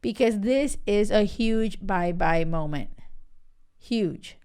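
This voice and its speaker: A chatty, emphatic woman talks her listeners through relationship advice as a show host. Her voice is smooth and clear, and her pitch sits at an ordinary middle height for a woman. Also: lively intonation, slow, darkish tone. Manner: chatty and emphatic, with frequent "like" and "right?" and some laughter. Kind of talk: casual advice monologue.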